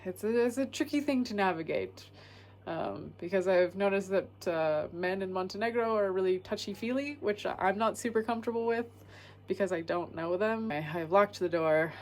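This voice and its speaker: A young woman hiking alone, talking candidly to camera in a hesitant, filler-heavy way. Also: moderate pace. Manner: hesitant, lots of fillers and restarts, low-key. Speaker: solo hiker vlogger. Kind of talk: candid vlog talk to camera. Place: indoors, small locked woodshed at night.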